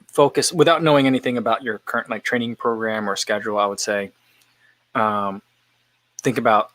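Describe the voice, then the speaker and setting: A man's voice: medium pitch, sharp tone, dry recording, low-quality recording. A man hosting a casual live-stream chat while eating, thinking aloud as he answers viewer questions. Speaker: running channel host.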